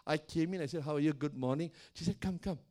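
Loud, animated older male pastor. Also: fairly high pitch, quick pace. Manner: animated, loud, laughs often; acts out quoted voices. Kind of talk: sermon storytelling.

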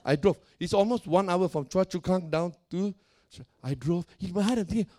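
Animated high-voiced preacher. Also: male voice, normal speed. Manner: animated, laughing, swings between loud and soft. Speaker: pastor. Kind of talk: storytelling sermon.

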